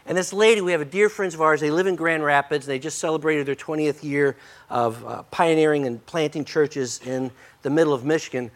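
Older male pastor, high-pitched, slightly hoarse. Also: a little fast. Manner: folksy, joking, energetic. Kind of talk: sermon.

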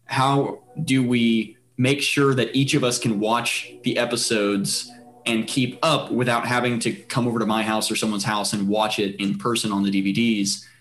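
A man's voice: mid-range voice, level tone, moderate pace, fairly bright tone. Rambling male podcast host. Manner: rambling, many fillers and restarts. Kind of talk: casual podcast chat.

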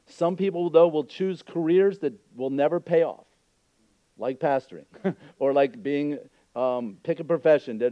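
A man's voice: a little high, no room sound, dull audio. Earnest man preaching. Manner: earnest, emphatic preaching with asides. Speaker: pastor. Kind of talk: sermon.

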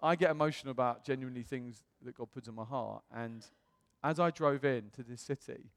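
Animated man preaching in reverberant hall. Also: mid-range voice, fairly quick, gravelly. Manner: animated storytelling, acts out quotes, self-mocking humor. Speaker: pastor. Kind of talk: personal testimony sermon.

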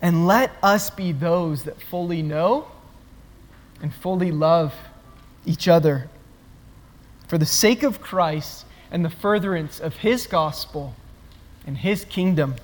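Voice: mid-range voice, slow pace, long pauses. A pastor preaching a sermon to the congregation, earnest, building points through repeated phrases. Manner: earnest, repetitive emphatic phrasing. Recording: long reverb of a large hall.

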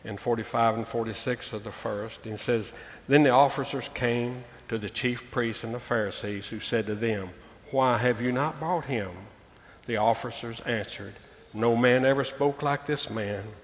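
A male pastor delivers a sermon, reading scripture with emphatic swells and calling out to his "folks." His mid-pitched voice rings with a long hall reverb over faint ambient noise. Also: moderate pace. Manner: preaching, reading scripture aloud with emphatic rises; addresses listeners as "folks".

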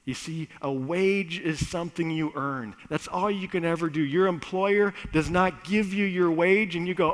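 A man preaching a conversational sermon that builds to loud, emphatic bursts. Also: a little high, normal speed, few pauses. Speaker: pastor. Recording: echoey hall.

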